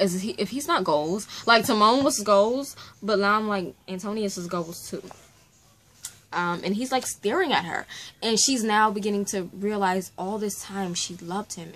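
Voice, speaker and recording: A woman hosting a casual reading vlog, talking in an animated, exclamatory way with lots of slang. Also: mid-range voice, slight background noise. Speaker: book vlogger.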